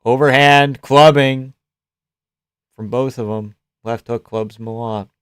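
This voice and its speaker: A man giving casual live reaction commentary on a fight, joking, swearing and laughing often, and breaking into loud reactions at big shots. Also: medium pitch, fairly even intonation, slow pace, clear, resonant tone, no room sound, studio quality.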